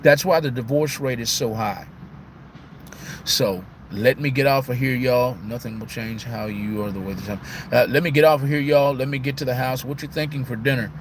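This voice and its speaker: A man's voice: mid-range voice, steady tone, moderate pace. Sad guy on a live stream almost crying, keeps saying man and y'all, faint traffic outside. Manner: emotional, heartbroken, repetitive with "man" and "y'all". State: on the verge of tears. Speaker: livestream host. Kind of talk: casual live-stream talk.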